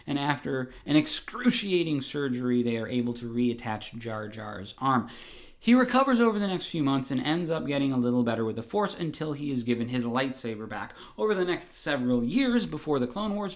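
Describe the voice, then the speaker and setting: Man narrating a comedy story, lively pitch. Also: brisk.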